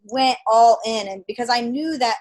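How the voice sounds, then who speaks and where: A woman in her thirties from Idaho, telling a personal story as a podcast guest, animated and acting out dialogue with many fillers. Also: a little high, moderate pace. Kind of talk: casual storytelling interview.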